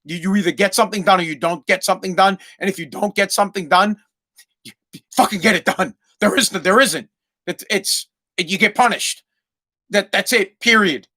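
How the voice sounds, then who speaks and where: Blunt, profane man with a bright voice. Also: high-pitched, moderate pace. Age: adult parent. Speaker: podcast host. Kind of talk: casual storytelling monologue.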